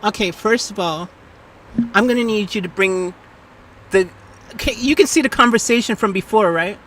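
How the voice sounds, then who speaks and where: An American woman with a medium-pitched voice, speaking at normal speed, hosts a livestream and chats casually with an AI assistant. She's animated, pleading, repeating herself and bursting into laughter. The audio is poor, recorded from a distance.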